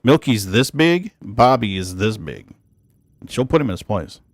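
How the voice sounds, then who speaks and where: Gravelly-voiced man chatting over a game. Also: fairly low pitch, very animated, measured pace, no room sound. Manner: chatty, talks to his cats between plays. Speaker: streamer. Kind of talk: casual gameplay commentary.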